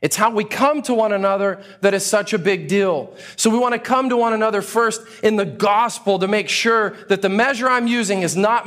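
A pastor preaching a sermon to a congregation, telling stories with acted-out exclamations. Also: male voice, high voice. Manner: animated storytelling with acted-out exclamations.

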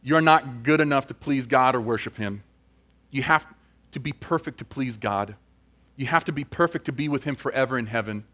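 A man's voice: mid-range voice, moderate pace, sharp tone. A man preaching a sermon and closing in prayer, earnest and building to emphatic questions.

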